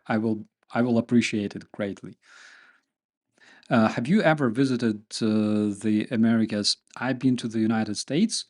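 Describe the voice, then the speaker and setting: A man's voice: fairly low pitch, a little mellow. A man with a Ukrainian accent, hosting his channel and chatting casually with viewers, joking and using many fillers. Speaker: channel host. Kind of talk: casual chat with viewers, reading comments.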